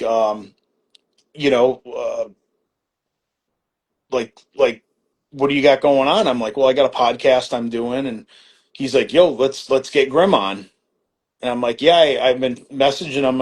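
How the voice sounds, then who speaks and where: A middle-aged man speaking at a middle pitch, chatting as a podcast guest. He rambles, restarts sentences, leans on fillers, and casually swears while acting out old conversations. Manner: rambling, many fillers and restarts, acts out quoted exchanges; laid-back, swears casually.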